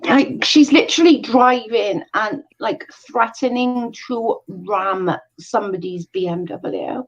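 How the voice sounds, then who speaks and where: A woman's voice: a little high, slow pace, hardly any pauses. A woman hosting a casual commentary stream, exasperated and emphatic, repeating her points. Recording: dull lo-fi stream audio.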